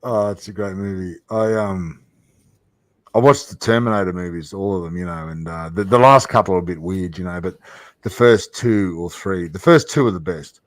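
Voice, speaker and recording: A man co-hosting a casual livestream from a computer mic on a video call, loud and sweary, laughing often as he tells stories. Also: deep voice, normal speed, no echo. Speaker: livestream co-host.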